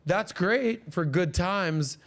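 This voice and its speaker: A man's voice: high-pitched, slow pace. A man in his forties hosting a podcast, telling stories casually and acting out the voices of the people he quotes. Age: 40s. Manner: animated, acts out quoted voices. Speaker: podcast host. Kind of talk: casual storytelling.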